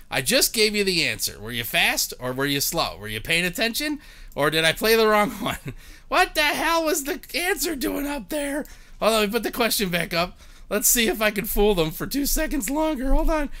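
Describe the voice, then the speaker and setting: A man's voice: high-pitched, sharp tone. A man in his thirties hosting a live-streamed game show, joking and chatting with viewers by name.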